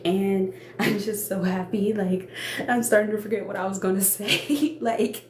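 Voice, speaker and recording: A woman's voice: mid-range voice, steady tone, measured pace. A young woman chats casually and earnestly on a phone live stream, laughing often and circling back over her words. She is emotional, close to tears. Her voice rings in an echoey room with a faint hiss of noise behind it. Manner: chatty and earnest, laughs often, repeats herself. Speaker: small cosmetics business owner hosting a live stream. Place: indoor room, makeup workspace.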